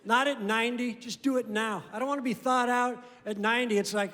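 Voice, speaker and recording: A man doing a stand-up comedy set on stage, with dry, deadpan delivery and acted-out dialogue. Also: very high voice, brisk, few pauses, slight background noise. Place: comedy venue stage before a live audience. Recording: roomy hall reverb, audible crowd laughter. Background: audience laughing.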